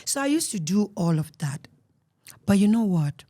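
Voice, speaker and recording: A woman with a Cameroonian accent telling her life story as an interview guest, earnest and emotional, often dropping to a soft murmur. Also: medium pitch, very animated, moderate pace, no echo, studio quality.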